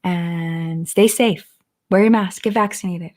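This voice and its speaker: A woman's voice: lowish voice, measured pace, a little mellow. A woman hosting a casual live-stream chat from home, gushing and chatty with lots of "like", sliding into sing-song baby talk for her dogs.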